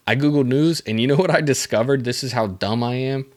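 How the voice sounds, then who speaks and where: A young man hosting a solo podcast, rambling and joking at his own expense, full of fillers and restarts. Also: medium pitch. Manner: rambling, self-mocking, lots of fillers. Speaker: podcast host. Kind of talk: casual solo podcast monologue. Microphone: desk microphone.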